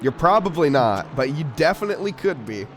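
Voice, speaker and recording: A man's voice: fairly high pitch, sing-song, fairly quick, faint music behind. A man co-commentating a sim race in a dry, teasing way. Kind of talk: casual live race commentary.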